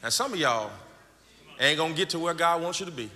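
A pastor preaching a sermon, swinging from shouts and half-sung lines to quiet, low stretches. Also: male voice, lively intonation, fairly quick. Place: church sanctuary. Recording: large echoing church hall with crowd noise.

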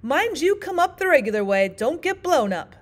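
A woman voicing a fussy, panicky queen chess piece in a storybook reading, shrill, slow and breathless. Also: very animated. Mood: frantic.

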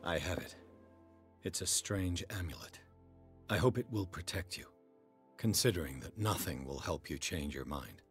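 A grim game investigator, voiced by a man, with a very deep voice and a grave, measured way of speaking. He keeps his lines steady and serious throughout. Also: faint music behind, close to an everyday voice. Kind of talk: video game voice acting.

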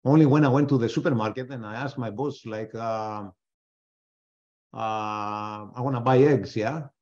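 A man's voice: fairly low pitch, fairly even intonation, measured pace, a little mellow. A man hosting a live trading webinar, thinking aloud as he trades, often restarting his sentences and tossing in joking asides. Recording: dull lo-fi webinar audio.

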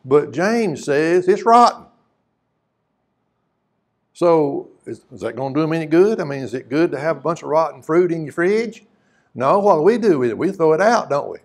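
A man's voice: on the high side, animated, moderate pace. A man preaching a sermon, mixing scripture reading with folksy, conversational questions to the congregation. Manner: reads scripture aloud in old-fashioned wording.

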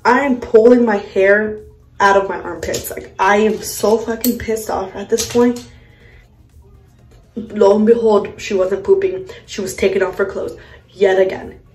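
Young mom vlogger, mid-pitched, blunt and profane, casual storytime, echoey home room. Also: female voice, a little slow, darkish tone, faint music behind. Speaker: vlogger, mother. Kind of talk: casual storytime while doing makeup.

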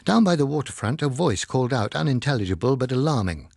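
A man narrating a novel in a measured, expressive storytelling manner. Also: mid-range voice, creaky, dry recording, studio quality. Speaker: audiobook narrator. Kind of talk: scripted narration.

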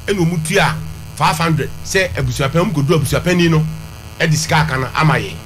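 Man, high bright voice, pushing his case over a faint hum. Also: a little fast. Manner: insistent, repeats figures. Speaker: complainant. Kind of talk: heated dispute on a talk show.

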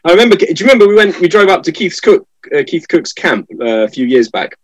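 Lively British man telling stories. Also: high voice, fast, dry recording, rough recording. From Britain. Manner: lively anecdotal storytelling. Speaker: guest, fencer. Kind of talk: casual chat.

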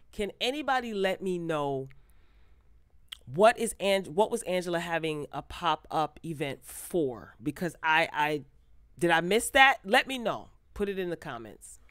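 A woman recaps a reality show into a close microphone, animated and often laughing as she acts out what people said. Her voice sits a little low for a woman. The sound is dry, with no room echo. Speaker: TV recap vlogger.

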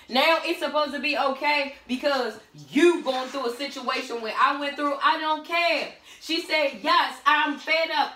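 This tarot reader's voice is high, bright and forceful as she chats casually through a blunt reading. Sassy and direct, she argues with the cards themselves, heard in a roomy, echoing space with faint music.

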